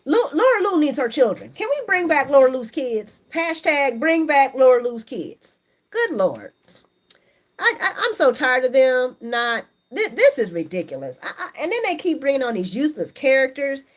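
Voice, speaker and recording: A woman's voice: high-pitched, normal speed. A woman hosting a casual live stream, reading viewer comments aloud and giving her chatty, opinionated take. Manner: chatty and opinionated, animated, laughs often. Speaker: soap opera recap host on a live stream.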